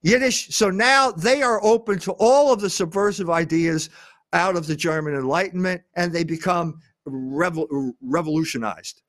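An older man speaking as a guest, lecturing on history in an emphatic way, with frequent pauses on "uh". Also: high voice, fairly bright tone, dry recording, clean studio sound.

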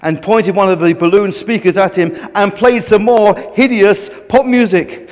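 A man reading a children's story aloud with animated, playful emphasis. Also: sits high, moderate pace, long reverb tail.

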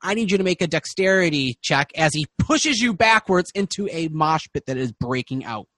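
A man narrating as game master in a tabletop game, with casual, halting narration. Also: fairly high pitch, animated, a bit bright, no room sound, studio quality.

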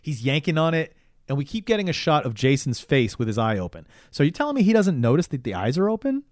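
A man's voice: on the high side, very animated, fast talker, no room sound, clean studio sound. A man in casual talk, animatedly retelling a movie plot with swearing and acted-out lines. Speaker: podcast co-host. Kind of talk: casual movie recap chat.

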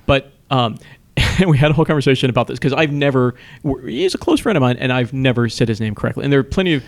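Male co-host, midrange voice, halting and repetitive, quick to laugh. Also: mid-range voice. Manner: halting, repeats words, laughs easily. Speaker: podcast co-host. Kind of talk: casual chat.

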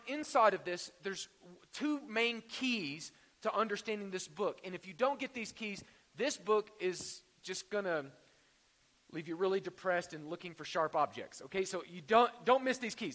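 A man's voice: sits high, expressive, moderate pace, fairly bright tone, long reverb tail. A man preaching a sermon in a conversational way, with jokes and rhetorical questions. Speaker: pastor.

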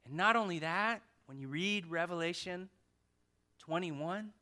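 Man preaching, casual sermon, bright ringing voice, slightly high, loud-to-hushed swings. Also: unhurried. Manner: lively, swings from loud exhortation to hushed emphasis.

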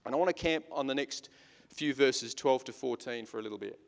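A man's voice: medium pitch, brisk, creaky. A man in his thirties preaching a sermon as pastor, earnest and emphatic, often repeating words as he builds a point. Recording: long reverb of a hall.

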